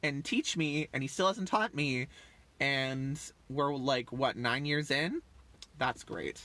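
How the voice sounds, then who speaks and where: A man's voice: medium pitch, slow pace, sharp tone, no room sound. A man in his thirties rambling casually on a livestream, chatty and full of fillers, often trailing off. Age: 30s. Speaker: livestream host.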